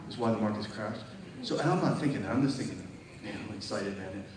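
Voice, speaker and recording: A man preaching a testimony sermon to a congregation. He tells his story vividly, acting out phone calls, and rises to loud, emphatic peaks. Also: fairly low pitch, fast, a crowd in the background. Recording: distant echoey hall with noise.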